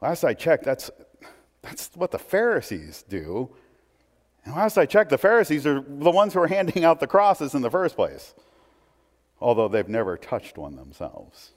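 A man's voice: fairly high pitch, huge pitch swings, normal speed. A man preaches in a church, moving between a plain conversational tone and bursts of emphasis. His voice rings with a long hall reverb. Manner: conversational preaching with asides and restarts. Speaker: pastor. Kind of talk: sermon.

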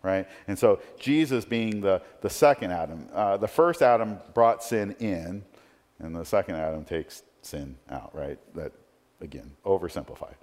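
Lowish-voiced guy preaching, chatty and loose, keeps saying right?, long echo like a big church hall. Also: animated, moderate pace, a little mellow. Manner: conversational, tag questions, frequent restarts. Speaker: pastor. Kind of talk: sermon.

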